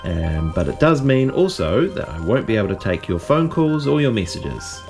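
Cheery kids radio host guy, lowish voice that swoops around, music bed clearly under him. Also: normal speed. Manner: cheerful, lively greeting. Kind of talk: pre-recorded radio introduction.

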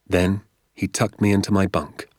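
A man reading a storybook aloud as narrator, measured and expressive. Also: low voice, dry recording, clean studio sound. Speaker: audiobook narrator.

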